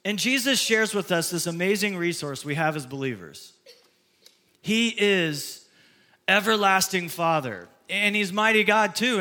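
A man's voice: sits high, pushed and bright. A man in his fifties from the American Midwest, a pastor preaching a conversational, storytelling sermon. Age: 50s.

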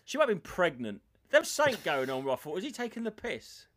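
A man's voice: sits high, big pitch swings, fast, fairly bright tone, dry recording. A middle-aged man with a rambling, anecdotal way of talking, co-hosting a casual podcast chat. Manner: rambling storyteller, puts on voices in anecdotes. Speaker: podcast co-host.

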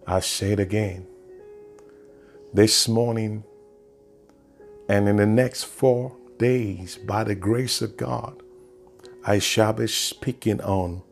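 A man preaches in a slow, deliberate sermon, leaning on each phrase with emphatic swells. His voice sits low with a gravelly edge, and faint instrumental music plays softly underneath. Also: fairly even intonation. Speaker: pastor. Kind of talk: sermon with congregational prayer.

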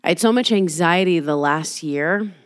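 A woman's voice: on the low side, normal speed, no echo, clean studio sound. A woman hosting a solo podcast from her apartment, rambling candidly and swearing freely. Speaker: podcast host. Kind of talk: casual solo podcast monologue. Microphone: laptop.

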